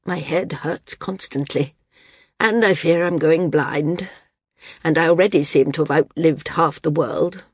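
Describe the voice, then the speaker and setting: A woman reading the part of a frail, dying old woman who speaks frankly, wearily and with quiet firmness. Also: deep voice, measured pace, slightly rough, no room sound, clean studio sound. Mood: weary. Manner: frank, weary, gently firm.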